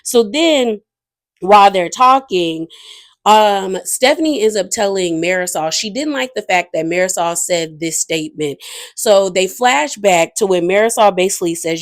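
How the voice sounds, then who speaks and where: A woman's voice: medium pitch, lively intonation, moderate pace. Chatty woman recapping reality TV. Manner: chatty, opinionated, frequent "like" and "um" fillers. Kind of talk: casual episode recap and commentary.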